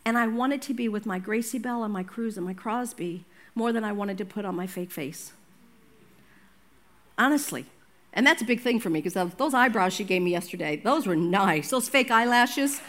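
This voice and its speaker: An older woman pastor with a medium-pitched voice preaches a sermon at a moderate pace. Her delivery is lively and conversational, breaking into personal stories and asides.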